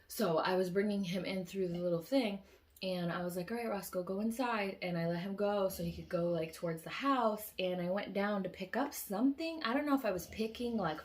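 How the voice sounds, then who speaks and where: A vlogger with a voice on the low side recounts a long dream she had. She rambles casually, full of fillers and restarts, and loudly acts out the lines she quotes herself saying.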